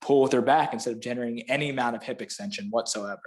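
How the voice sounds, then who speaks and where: A man's voice: mid-range voice, rapid-fire, darkish tone. A man with a Florida panhandle accent, a guest on a podcast, explaining exercise cues in casual chat and laughing easily. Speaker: guest, fitness clinician.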